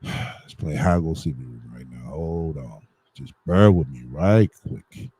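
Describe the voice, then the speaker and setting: Streamer, male, very deep and raspy, slow frustrated muttering with heavy cursing. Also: expressive, dark tone, dry recording, low-quality recording. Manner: frustrated, muttering and swearing while fixing the stream setup. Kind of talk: casual live-stream talk to viewers.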